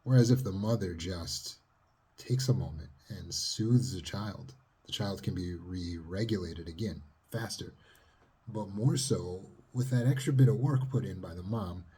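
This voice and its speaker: Male trauma coach, low and warm, heavily husky, calm teaching delivery. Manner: calm, steady, sometimes dropping to a near whisper. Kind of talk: teaching monologue.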